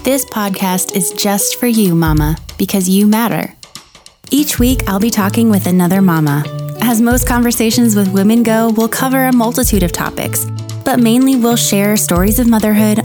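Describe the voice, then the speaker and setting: Woman, podcast host, upbeat and friendly, middle pitch, music playing behind. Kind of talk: casual podcast conversation. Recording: music under intro.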